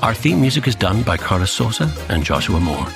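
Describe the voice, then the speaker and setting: A man doing a deep, gravelly late-night announcer who croons the credits slowly and seductively. His low voice sits over clear background music. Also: big pitch swings. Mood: crooning. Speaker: podcast co-host reading credits. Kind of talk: mock-seductive credits read.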